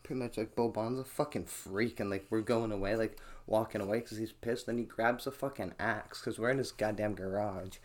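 A man hosts his own podcast from a small home room, his microphone set on a towel-covered chair. Solo, he tells rambling, profane stories packed with "like" fillers, speaking fairly quickly with few pauses in a lowish voice of fairly even intonation.

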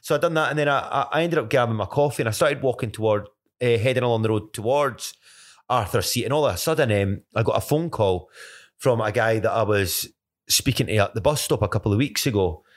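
A man's voice: medium pitch, brisk. Rambling Scottish man sharing faith stories. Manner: rambling, many restarts and self-corrections. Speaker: podcast co-host. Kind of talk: casual faith testimony chat.

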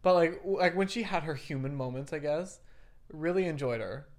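A man's voice: a little high, moderate pace, darkish tone. A young man co-hosting a casual chat, telling candid, profane school stories with many fillers. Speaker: podcast co-host.

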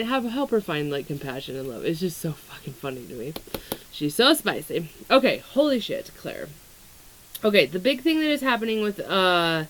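A woman's voice: mid-range voice, rough recording. A young woman talking casually in a vlog, rambling and candid, swearing freely and filling her talk with "like" and "um". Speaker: astrology content creator. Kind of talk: casual vlog about weight struggles and astrology.

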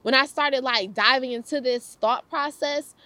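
Lively, slangy young woman giving a faith talk. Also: high-pitched, unhurried, smooth, no echo. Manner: lively, slangy, laughs often, repeats phrases. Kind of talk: casual devotional talk.

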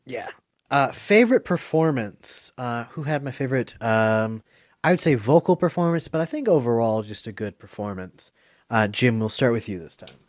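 A man hosting a casual movie quiz podcast, chatty and quick to laugh. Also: medium pitch, expressive, no room sound, studio quality. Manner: chatty, laughs often, gushing. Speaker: quiz host. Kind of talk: casual podcast game chat.

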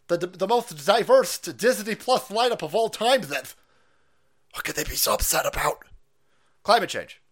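Loud, mocking male streamer. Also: on the high side. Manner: loud, mocking, swings between mutters and yells. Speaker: livestream host. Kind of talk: foul-mouthed political rant.

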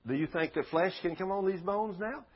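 A man's voice: high voice, brisk, husky, highs cut off, voice pushed up. A man acting out God giving commands to a prophet, in a raised, emphatic voice. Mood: commanding.

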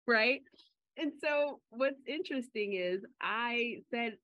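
A woman co-hosting a podcast in casual chat, telling stories in a chatty way and getting animated when she quotes people. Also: on the high side, measured pace, no echo. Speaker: podcast co-host. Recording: slightly dull lo-fi audio.

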